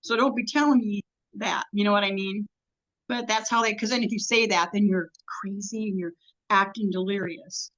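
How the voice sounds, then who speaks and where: A woman's voice: mid-range voice, fairly even intonation, fairly bright tone. Rambling woman telling a story, lo-fi. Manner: rambling, halting storytelling with many ums and restarts. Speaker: interview guest. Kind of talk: casual storytelling interview.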